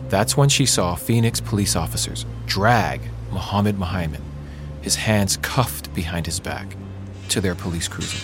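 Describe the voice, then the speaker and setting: A man co-hosting a podcast, speaking in a solemn, measured and deliberate way. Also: low-pitched, animated, music in the background. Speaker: podcast co-host. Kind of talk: earnest podcast narration.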